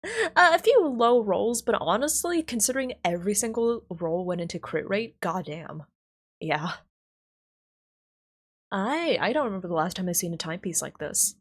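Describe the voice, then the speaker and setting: A woman streamer in casual live-stream chat, playful and self-mocking, lower in energy than usual. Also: lively intonation, normal speed, husky.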